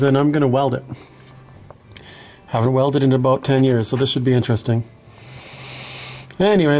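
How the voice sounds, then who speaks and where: A man's voice: mid-range voice, darkish tone, poor audio. A man doing a casual garage vlog as a home mechanic, blunt and self-deprecating, swearing now and then, out of breath at times.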